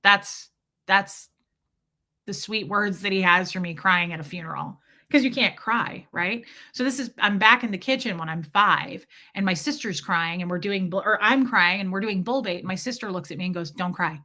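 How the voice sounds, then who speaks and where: A podcast host from Kansas City, USA, tells a personal story candidly and emotionally, peppered with "like." She has a mid-range voice with a sharp tone and a moderate pace.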